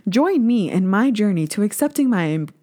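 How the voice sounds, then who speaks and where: A young woman talks straight into the mic in a solo podcast. Her rant is blunt and casual, full of swearing, and she moves quickly from one point to the next with lively energy. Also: mid-range voice. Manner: blunt, profane and animated. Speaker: podcast host.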